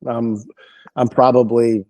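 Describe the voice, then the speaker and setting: A male comedian, a podcast guest, telling an animated, rambling and profane story with lots of restarts. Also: mid-range voice, slow.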